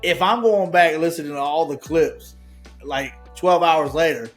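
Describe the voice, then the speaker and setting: A man's voice: a little high, normal speed, faint music behind. A man co-hosting a podcast in easygoing casual chat, full of fillers. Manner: easygoing, lots of fillers and short agreements. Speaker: podcast co-host.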